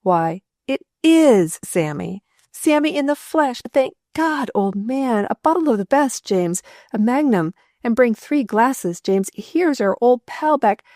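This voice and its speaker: Woman playing excitable gentleman, effusive, jovial, mellow tone, dry close read. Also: on the low side, normal speed, no room sound, close to an everyday voice. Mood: overjoyed. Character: excitable male gentleman friend, hearty.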